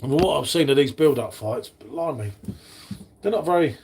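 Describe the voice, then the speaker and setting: A man's voice: fairly high pitch, animated, normal speed, a little mellow, breathy edge. A man hosting a casual live stream, chatting with viewers in the chat by name. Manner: chatty, matey, talks to chat readers by name.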